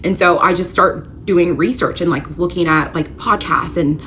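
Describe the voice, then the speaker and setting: Woman vlogger, lowish voice, candid emotional storytime, faint background noise. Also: normal speed, sharp tone. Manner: emotional, candid, uses filler "like" often. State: tearful at moments. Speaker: storyteller recounting her marriage. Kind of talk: confessional storytime vlog.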